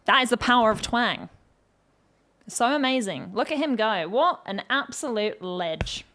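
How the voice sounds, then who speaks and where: A woman's voice: a little high, lively intonation, normal speed, bright, forceful tone. Chatty woman vocal coach reacting. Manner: chatty, playful, gushing exclamations. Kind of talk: reaction video commentary. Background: the reacted song playing faintly.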